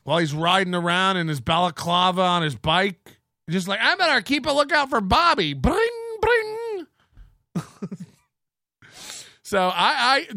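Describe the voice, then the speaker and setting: Excitable male host, mocking and laughing, bright edgy tone. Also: sits high, dry recording, studio quality. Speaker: podcast host. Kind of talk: ranting commentary.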